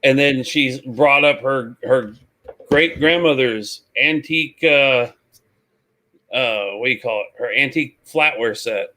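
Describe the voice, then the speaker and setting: A man on a talk show, telling a lively anecdote and acting out the voices. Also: mid-range voice, measured pace. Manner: animated, acts out voices in anecdotes. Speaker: guest, reseller. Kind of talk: casual storytelling.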